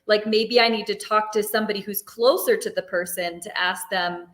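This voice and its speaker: A woman's voice: medium pitch, fairly even intonation, moderate pace. Woman therapist in an echoey room. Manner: thoughtful, many "like" fillers. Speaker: therapist guest. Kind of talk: casual discussion.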